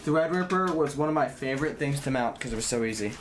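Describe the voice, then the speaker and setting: A young man talks casually to a live stream as he works on a computer build. He rambles, curses freely and trips over his own sentences. His pitch sits in the middle of the male range, and faint background noise runs under his voice. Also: animated, fast talker. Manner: rambling and blunt, swears, restarts sentences. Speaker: livestreamer.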